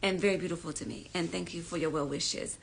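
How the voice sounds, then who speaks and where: A woman hosting a casual live stream, greeting viewers by name and talking with warm, emphatic repetition. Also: on the low side, steady tone, fast, gravelly.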